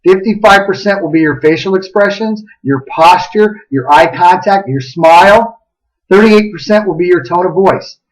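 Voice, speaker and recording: A middle-aged man hosting a short motivational talk, an animated storyteller with anecdotes. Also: high voice, distant mic, rough recording. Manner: animated storyteller, acts out voices. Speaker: host of a motivational minute.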